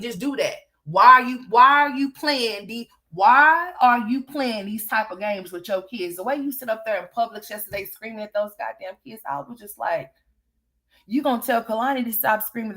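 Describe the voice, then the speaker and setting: A woman's voice: mid-range voice, sharp tone. A woman giving a blunt, profane opinion commentary, firing off rhetorical questions. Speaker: online commentator.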